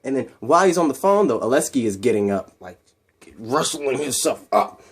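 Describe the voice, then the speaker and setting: A man hosting his channel, excitedly retelling an action story in long, rambling run-on sentences. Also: mid-range voice, normal speed, husky. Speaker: channel host. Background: music.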